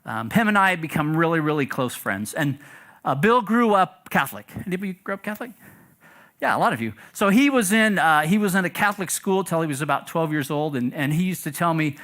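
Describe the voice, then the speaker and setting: A middle-aged pastor telling a story to his congregation in a relaxed, conversational sermon, often asking the room questions. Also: on the high side, a little fast. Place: church sanctuary.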